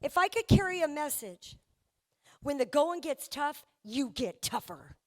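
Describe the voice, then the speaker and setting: A woman's voice: high-pitched, lively intonation, unhurried, a little mellow. A young woman giving a candid, humorous talk about her recovery to a live meeting audience, with frequent restarts. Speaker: guest speaker sharing her recovery story. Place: event venue before a live audience.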